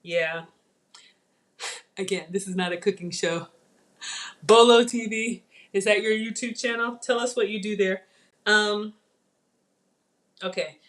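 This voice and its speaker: A woman's voice: medium pitch, fairly even intonation, a little slow, pauses often, fairly bright tone. A middle-aged woman, hosting a chatty live cooking demo and talking viewers through each step. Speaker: channel host.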